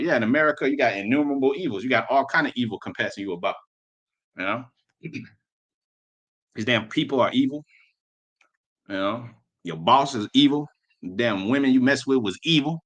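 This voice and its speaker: A man's voice: medium pitch, fairly quick, long pauses, fairly bright tone. A man preaching, who reads old-style scripture and then explains it in blunt street slang, often repeating words. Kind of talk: sermon with scripture reading.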